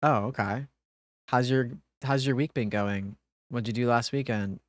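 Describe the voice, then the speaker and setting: A woman's voice: rumbling low, a little slow, background noise. A woman streamer giving live gaming commentary, reading dialogue choices aloud and swearing in dismay.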